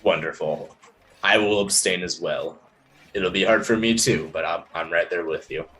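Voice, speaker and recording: A man playing his character in a tabletop game, calm and measured. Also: deep voice, rough recording. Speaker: player.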